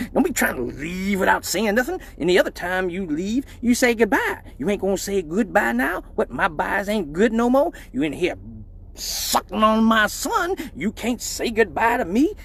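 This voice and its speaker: A man voicing a small, fierce mother who scolds with shrill, mocking shouts. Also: sing-song, moderate pace, creaky, husky, full character voice. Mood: mocking scolding.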